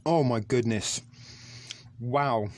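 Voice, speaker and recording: In a casual food review vlog, a man takes his time reviewing a ration pack on camera. His mid-range voice is a little mellow, and he rambles hesitantly, saying um often.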